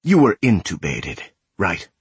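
A man voicing a sadistic, mocking male corporate killer in an audiobook, taunting and shouting in anger. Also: low voice, huge pitch swings, measured pace, breathy edge, no room sound, full character voice. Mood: cold, mocking. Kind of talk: audiobook character voice.

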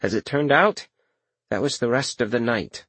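A man reading a first-person audiobook in a measured, wry manner. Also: mid-range voice, a bit bright, slightly rough, dry recording. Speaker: narrator.

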